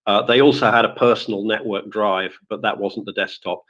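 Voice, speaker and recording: Speaking as a former office IT worker, a man rambles in a casual live audio-room chat, correcting himself and using many fillers. His voice is lowish and fairly bright, with fairly even intonation and a slightly fast pace. The computer or phone mic yields a dull, lo-fi stream.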